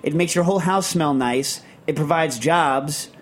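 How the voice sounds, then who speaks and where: A man hosting a casual radio chat show in a studio, talking in a rambling, emphatic, animated way. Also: a little high, measured pace.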